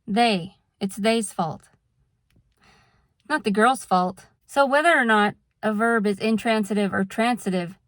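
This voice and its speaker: A woman's voice: mid-range voice, no echo, studio quality. A woman vlogger talking casually to camera, explaining things patiently with examples and drifting into a frank rant. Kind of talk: casual talking-head monologue.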